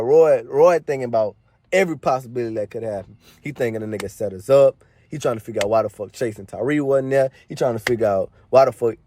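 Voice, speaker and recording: A man's voice: medium pitch, dark tone, a little hiss or hum. A young man telling a story in casual slang, swearing freely and filling his talk with "like" and "man". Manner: slangy and profane, packed with "like" and "man" fillers.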